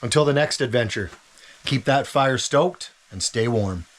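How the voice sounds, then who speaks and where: A man filming a relaxed camp cooking vlog inside an ice fishing tent, savoring his food and talking with his mouth full. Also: medium pitch, a little slow, slight background noise. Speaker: outdoor vlogger.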